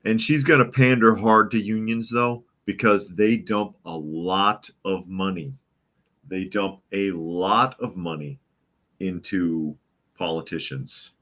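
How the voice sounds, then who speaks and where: A man's voice: sits low, slow pace, a bit bright. A male podcast host giving live news commentary, reading viewer comments aloud with scornful chuckles. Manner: mocking, chuckling while reading chat comments.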